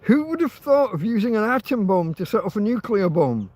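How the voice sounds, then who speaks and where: A man's voice: high-pitched, sing-song, brisk, a little mellow, no echo. A man hosting a casual livestream, rambling, laughing often and swearing. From Britain. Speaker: livestream host.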